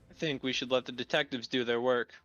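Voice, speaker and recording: A man's voice: medium pitch, fairly even intonation, quick pace, a bit bright, muffled recording, faint music behind. A man playing a tabletop game who makes matter-of-fact accusations. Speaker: player. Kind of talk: casual tabletop play.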